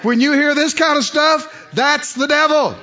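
A preacher delivering an emphatic sermon, rising at times to hollering, on a dull lo-fi recording. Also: male voice, very high voice, a little slow, bright, forceful tone.

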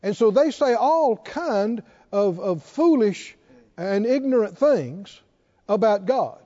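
Preaching slowly in a high, animated, warm voice, this male pastor leads a call-and-response sermon, urging the congregation to answer. The sound comes from an echoey church hall and is dull and lo-fi.

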